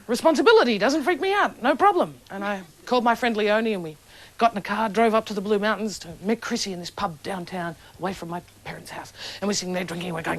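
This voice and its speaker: A young adult woman telling a stand-up story in a dry, deadpan way to a laughing live audience. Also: mid-range voice, fast. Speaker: comedian. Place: stage before a live audience. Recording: lo-fi old television recording with loud hiss.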